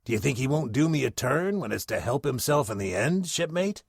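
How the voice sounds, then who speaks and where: Male reader putting on a cunning old-time sailor, sly and low, lively pitch. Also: a little fast, creaky, slightly rough, no echo, clean studio sound, full character voice. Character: grim, cunning sailor plotting revenge.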